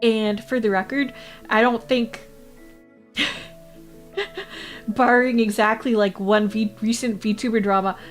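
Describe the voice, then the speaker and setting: A woman from Canada, chatting casually with her livestream chat, rambling and laughing often. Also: a little high. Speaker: VTuber streamer.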